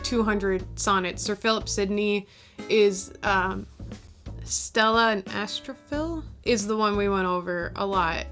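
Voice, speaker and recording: A woman poet walks through her own drafts in an easygoing, chatty way, poking fun at herself as she goes. Her voice sits at an ordinary middle pitch. Soft guitar music plays faintly underneath. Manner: chatty, self-deprecating, laughs at herself. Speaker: poet explaining her editing.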